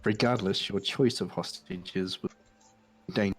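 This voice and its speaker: A man voicing a stern adventurer in a tabletop game, speaking gravely and pointedly. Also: low voice, moderate pace, slight background noise, lightly acted. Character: stern male adventurer keeping his oaths.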